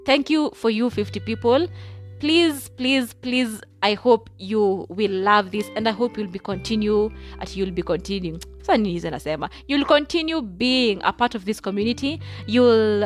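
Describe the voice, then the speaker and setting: A woman's voice: medium pitch, moderate pace, few pauses, soft background music. A young woman with a Kenyan accent hosting her own podcast, talking in a chatty, effusive way and mixing English with Swahili. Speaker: podcast host. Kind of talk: casual solo podcast monologue.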